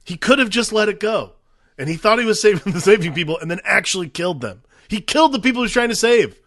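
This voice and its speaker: A man's voice: high-pitched, animated, fast, a bit bright. A man co-hosting a casual movie podcast, talking in an incredulous, rambling way full of fillers. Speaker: podcast co-host. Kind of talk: casual movie review chat.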